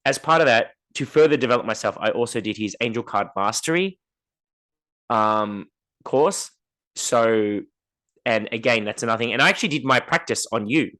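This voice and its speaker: A man co-hosts a podcast, his mid-range voice moving at an ordinary pace through relaxed chat. He animates his anecdotes by voicing others' dialogue in a raised tone.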